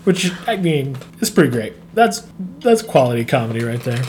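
A man co-hosting a casual chat, easygoing commentary on a sitcom episode with quick agreements. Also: mid-range voice, very animated, a little mellow, a little hiss or hum. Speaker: podcast co-host.

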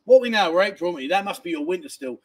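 A man's voice: sits high, lively intonation, very fast, husky. A man hosting a casual livestream, reading out viewer messages and rambling in a chatty way, with casual swearing and lots of restarts. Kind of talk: casual live chat. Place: a family home in a village, indoors.

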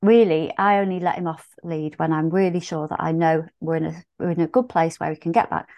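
A woman hosting a podcast, asking her guest questions in a chatty way full of "you know" and "like". Her voice sits a little low. She talks easily and shares her own stories. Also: level tone, a little fast, creaky, dull audio. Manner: chatty, with lots of fillers. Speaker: podcast host. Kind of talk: podcast interview.

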